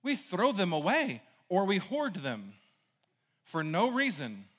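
A man's voice: sits high, wildly swooping pitch, takes it slowly, fairly bright tone, big-room sound. A man preaching a conversational sermon, casual and rambling, full of asides and "right?" checks to the congregation. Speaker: pastor.

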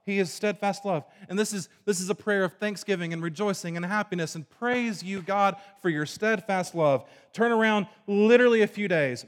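A man preaching a sermon to a congregation, moving between forceful emphasis and hushed, low passages. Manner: dynamic preaching, swinging from loud emphasis to hushed low tones. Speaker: pastor. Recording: long reverb of a large hall.

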